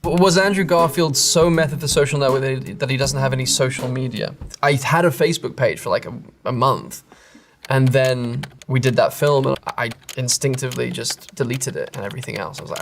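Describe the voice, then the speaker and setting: Slight background noise accompanies a medium-pitched voice with vocal fry as an English actor in his thirties reads and answers web comments. He's casual and rambling, interrupting himself and sometimes laughing at his own remarks.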